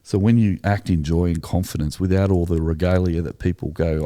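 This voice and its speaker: A man's voice: low-pitched, steady tone, brisk, hardly any pauses, warm tone. A middle-aged Australian man, a tired pastor telling a story on a podcast in an earnest, emotional way.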